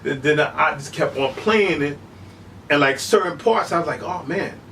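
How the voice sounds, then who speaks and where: A middle-aged man telling stories as an interview guest, animated and casual, often saying "you know what I'm saying". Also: a little high, normal speed, distant mic, a little hiss or hum, rough recording. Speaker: human beatboxer, interview guest.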